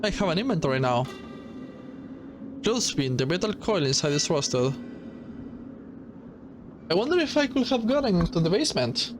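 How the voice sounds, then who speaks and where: A man's voice: high-pitched, sing-song, moderate pace, long pauses, over music. Chatty man playing a game. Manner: chatty, apologetic, laughs at own attempts. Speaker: gameplay video host. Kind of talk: let's play commentary.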